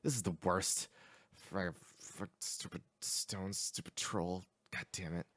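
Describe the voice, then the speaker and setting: A man voicing a young male satyr who drags heavy stones, sulky and complaining, with halting, stumbling speech. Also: low-pitched, steady tone, fairly bright tone, dry recording. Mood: whiny.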